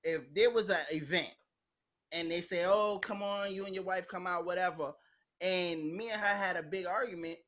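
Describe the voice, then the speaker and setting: A woman's voice: fairly low pitch, steady tone, moderate pace, fairly bright tone. A woman hosting a podcast in casual chat, talking bluntly and animatedly, acting out quoted voices and swearing freely. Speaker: podcast host.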